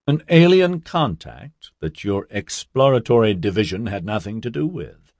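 Smug aristocratic senator, amused and mocking, read by a male narrator. Low, husky, dry. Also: no echo, full character voice. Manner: amused, teasing, close to mockery.

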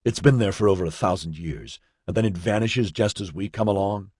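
Man doing a frightened crewman, male, insistent, low tense delivery, husky. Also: a little fast, a little mellow, dry recording, studio quality. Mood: shaken.

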